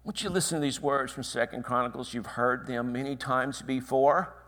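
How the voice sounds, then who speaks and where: A man preaching a sermon, swinging from hushed whispers to loud dramatic cries. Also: medium pitch, steady tone, moderate pace.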